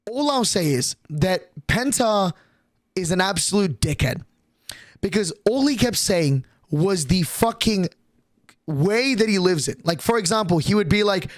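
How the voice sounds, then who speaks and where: A man's voice: high-pitched, animated, moderate pace. A young man streaming, telling a rambling, profane story to his chat with lots of restarts and fillers.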